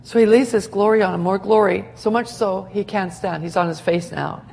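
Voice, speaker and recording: A woman preaching a sermon in an animated way, laughing often and acting out the scenes she describes. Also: medium pitch, measured pace, creaky.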